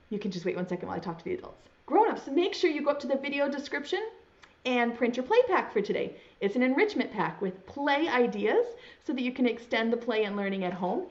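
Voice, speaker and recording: A woman teaching preschool online, reading a storybook aloud in a sing-song voice and talking straight to young children. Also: high voice. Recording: dull lo-fi sound.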